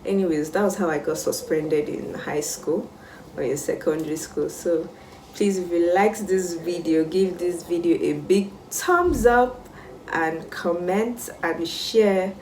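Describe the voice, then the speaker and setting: A young Nigerian woman telling a casual storytime vlog, animated and exclamatory. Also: on the low side, measured pace, recorded from a distance, a little hiss or hum. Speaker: vlogger. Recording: roomy sound, mic set back.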